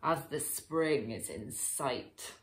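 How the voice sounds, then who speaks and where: A woman's voice: very deep voice, takes it slowly, roomy sound, pitched below the performer's own voice. Sly, growling storybook wolves, played by a woman reader. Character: sly hungry pack of wolves.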